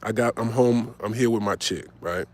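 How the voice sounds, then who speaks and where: A man's voice: lowish voice, normal speed. A man in his forties telling a personal story in casual, profane talk, tagging his lines with "right?" and acting out both sides. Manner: animated, swearing, tags lines with "right?".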